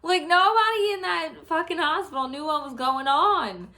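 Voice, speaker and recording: A woman's voice: very high-pitched, animated, normal speed, pushed and bright. A young woman telling a story in a casual vlog, laughing often and swearing as she vents. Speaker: vlogger.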